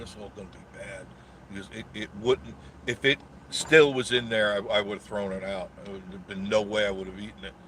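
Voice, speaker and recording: A man's voice: lowish voice, fairly bright tone, slight background noise. A man hosting a casual live stream, telling a rambling story with a sarcastic edge and greeting viewers in the chat.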